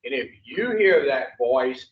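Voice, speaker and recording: A man's voice: mid-range voice, expressive, slow pace, a little hiss or hum. A man teaching an addiction recovery class, blunt and profane, quizzing the group and drawing answers back from them. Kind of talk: classroom teaching with call-and-response. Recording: echoey room, far from the mic, dull lo-fi.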